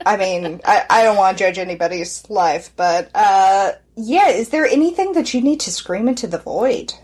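Woman podcast co-host, husky voice, dry wry humor, casual chat. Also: medium pitch, moderate pace, a little mellow.

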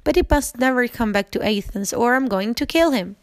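A woman's voice: on the high side, lively intonation, fairly quick, no room sound, lightly acted. A woman reading as Theseus, a stern duke. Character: stern powerful male duke, middle-aged.

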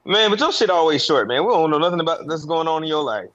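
A man's voice: fairly high pitch, animated, quick pace, fairly bright tone, dull audio. A man co-hosting a podcast, teasing and questioning his friends bluntly. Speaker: podcast co-host. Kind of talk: casual chat.

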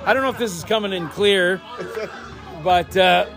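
Hosting a casual party podcast with friends in a garage shop, a man jokes and rambles as he interviews people while music plays behind him. His voice sits high and is creaky and a bit bright, at a moderate pace, with a faint crowd audible.

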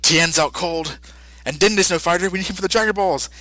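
A male podcast co-host recapping a story in a chatty, filler-heavy way and laughing often. His voice is bright and slightly high, and the recording is dry and close. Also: fairly quick, no room sound, low-quality recording.

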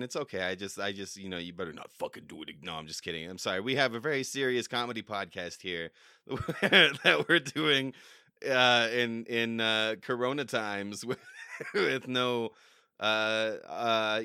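A man's voice: fairly low pitch, sharp tone, smooth, no echo, clean studio sound. A man hosting a comedy podcast, playful and rambling, often breaking into laughter. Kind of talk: casual comedy podcast chat.

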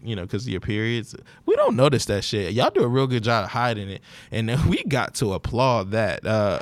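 A man with a New Orleans accent hosting a solo podcast in a relaxed, joking way, laughing often and drawing out his slang. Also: lowish voice. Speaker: podcast host. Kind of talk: casual solo podcast monologue.

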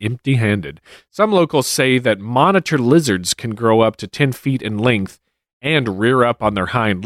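Dry-voiced podcast co-host. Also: male voice, lowish voice, a bit bright, no room sound. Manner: reads out sighting reports with dry asides. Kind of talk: casual podcast chat.

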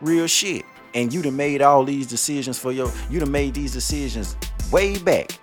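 A man's voice: mid-range voice, moderate pace, soft background music. A man hosting a podcast, ranting at listeners in a blunt, profane, scolding way. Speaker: podcast host. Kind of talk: ranting monologue.

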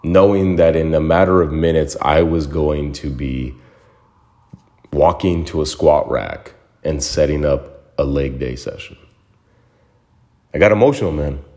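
A man's voice: a bass voice, measured pace, darkish tone. A young man hosting a solo podcast, talking through his own story in a reflective, heartfelt way, often repeating himself as he gathers his thoughts. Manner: reflective, emotional, repeats words. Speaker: podcast host. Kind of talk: casual solo monologue.

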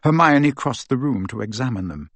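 A man reading a novel aloud as audiobook narrator, in a lively storytelling manner. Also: medium pitch, normal speed, dry recording. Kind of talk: scripted narration.

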